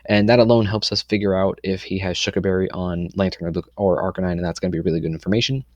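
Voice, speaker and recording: A young man casually explaining his competitive team for a video, confident and rambling, with lots of "um"s and quick self-corrections. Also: low-pitched, fairly even intonation, a little mellow, no echo.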